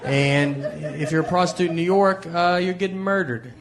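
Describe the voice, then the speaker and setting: Southern man doing deadpan stand-up. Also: high-pitched, normal speed, a crowd in the background. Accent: Southern American. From Tennessee. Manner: deadpan, rambling storytelling. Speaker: stand-up comedian. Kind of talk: stand-up comedy routine. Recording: noisy live show audio. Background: audience laughter.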